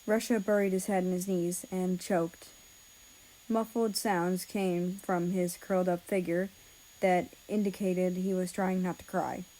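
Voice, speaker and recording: Female story reader; slow, soft, even narration, dark-toned. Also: on the low side, low-quality recording.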